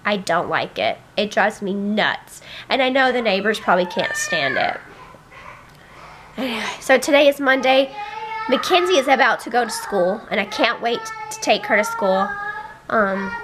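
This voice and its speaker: A woman's voice: mid-range voice, sing-song, normal speed, background noise. A woman in her thirties, a busy mom, chatting casually to the camera about her day, rambling and fed up with her squabbling kids. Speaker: family vlogger, mom. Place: family home. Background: children squealing and yelling.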